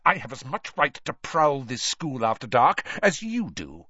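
A man voicing a cold, menacing male professor who speaks in a soft, hissing, dangerous way. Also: mid-range voice, big pitch swings, unhurried, breathy edge, no echo, voice pushed up, heavily acted. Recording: dry, slightly dull recording.

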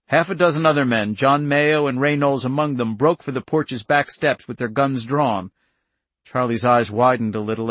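A man reading a novel aloud as narrator, steady and measured with tense build. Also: mid-range voice, no room sound. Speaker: audiobook narrator. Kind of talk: scripted narration.

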